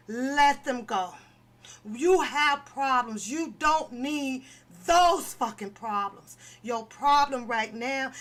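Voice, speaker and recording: A woman's voice: fairly high pitch, a bit bright. A woman commentator delivering an impassioned, profane opinion rant, pleading and repeating herself for emphasis. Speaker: online commentator.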